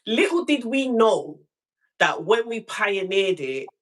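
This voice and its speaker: A woman hosting a casual live call-in stream from home, telling a story in an animated way and acting out what people said. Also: slow. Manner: animated storytelling, acts out quotes with big pitch jumps.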